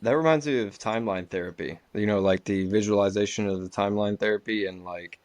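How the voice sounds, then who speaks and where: A man's voice: fairly low pitch, quick pace, darkish tone, no echo. A man hosting a podcast, talking casually and hesitantly with many fillers. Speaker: podcast host. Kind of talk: casual conversation.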